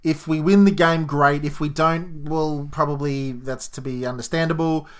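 A man's voice: fairly high pitch, steady tone, normal speed, clean tone. A man with an Australian accent co-hosting a podcast, reading listener questions and giving his own football opinions. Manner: chatty, reads out listener questions. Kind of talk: casual footy chat.

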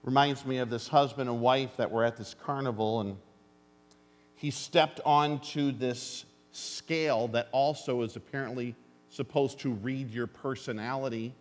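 A man's voice: mid-range voice, steady tone, measured pace. A pastor preaching a sermon to his congregation, earnest and plainspoken, with dry jokes and calls for an amen. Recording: long hall reverb.

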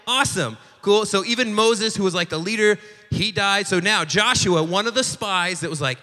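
A young man with a bright, slightly high voice gives a casual sermon. He acts out every quote in a lively, joking way. His words ring out with a long echo through a large hall. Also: moderate pace. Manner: animated storyteller acting out quotes, joking asides. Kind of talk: casual sermon retelling a Bible story.

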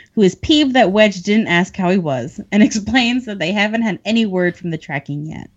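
A woman hosts a book podcast, running through plot points in a chatty, laughing way. Her middle-pitched voice moves up and down a lot. The recording is dull and lo-fi. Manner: chatty, laughs often between lines. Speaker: podcast host summarizing chapters. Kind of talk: casual book recap.

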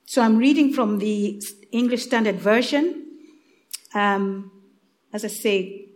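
In a church, a woman with an East African accent leads prayer and reads from the Bible. Her medium-pitched voice is gentle and unhurried, with a small restart now and then.

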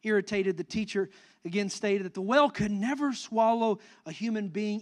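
A young adult man preaching a sermon as pastor, animated and building to emphatic, near-shouted peaks. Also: high-pitched, moderate pace.

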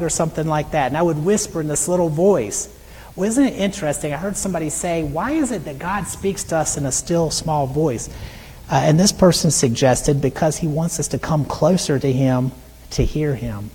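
A middle-aged man preaching a sermon in an earnest way, reading scripture aloud slowly. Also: a little high, darkish tone, in a large hall, a little hiss or hum, poor audio. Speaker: pastor.

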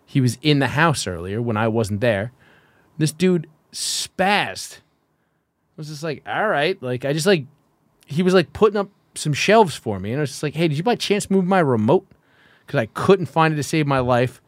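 A man's voice: fairly high pitch, lively intonation, moderate pace, no room sound. A man co-hosting a podcast, telling rambling, crude stories in casual chat. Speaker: podcast co-host.

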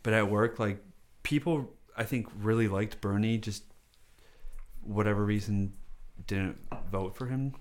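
A man's voice: fairly low pitch, measured pace, pauses often. A man chatting casually, rambling with lots of fillers and frequent laughs. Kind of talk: casual chat.

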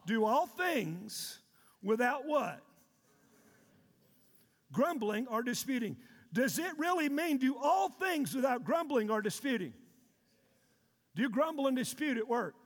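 A man preaching a sermon, shouting and calling out questions to his congregation. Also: extremely high pitch, breathy edge. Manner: preaching with loud shouted call-and-response. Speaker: pastor. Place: church sanctuary. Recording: long reverb of a large hall.

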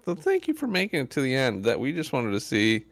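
A man's voice: mid-range voice, wildly swooping pitch, brisk, a crowd in the background. A man co-hosting a gaming podcast in casual, joking chat, wrapping up the show. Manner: joking, laid-back. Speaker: podcast co-host.

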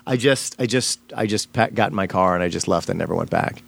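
A man's voice: low-pitched, fast talker, vocal fry, a bit bright. A man, a stand-up comedian, telling a personal story in a casual interview, rambling with many fillers and restarts.

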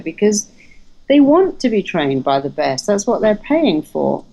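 A woman's voice: mid-range voice, moderate pace, poor audio. A woman, a hypnotherapist, talking emphatically in a casual interview and telling stories. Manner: emphatic, animated storytelling with acted quotes. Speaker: hypnotherapist and therapist trainer.

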